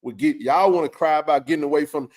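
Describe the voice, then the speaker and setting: A man's voice: on the high side, fast talker, a little mellow. A man hosting a sports talk stream from a home setup. He rants in a heated, blunt way and swears often, in a casual conversational tone.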